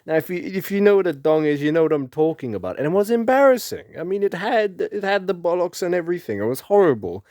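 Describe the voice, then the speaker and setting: A young man from Africa, telling a rambling, animated story and laughing often. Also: high voice, fast, hardly any pauses, no room sound, studio quality. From South Africa. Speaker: vlogger. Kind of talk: casual storytelling.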